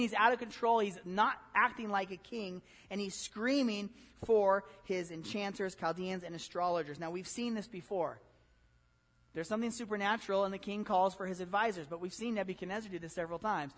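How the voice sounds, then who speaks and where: A man pastor giving a conversational, animated sermon, full of rhetorical questions. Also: sits high, big-room sound.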